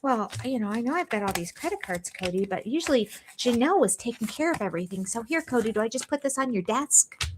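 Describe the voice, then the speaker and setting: A woman's voice: a little high, lively intonation, quick pace, noisy background, pitched above the performer's own voice, natural voice. A woman mimicking a clueless, whiny wife. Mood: helpless. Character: flustered, helpless wife with money troubles.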